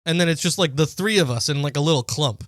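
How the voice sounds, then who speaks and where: A man's voice: a little high, fast talker, fairly bright tone, dry recording. A young man co-hosting a podcast, chiming in with dry, sarcastic remarks in casual chat. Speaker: podcast co-host.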